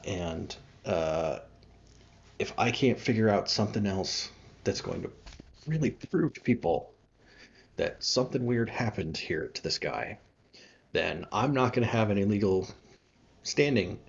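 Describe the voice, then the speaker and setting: A man runs a tabletop mystery game, his voice low and gravelly as he gropes through fillers and restarts. The sound is dull and lo-fi, like a home microphone on a call. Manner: halting, many fillers and restarts. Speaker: game master.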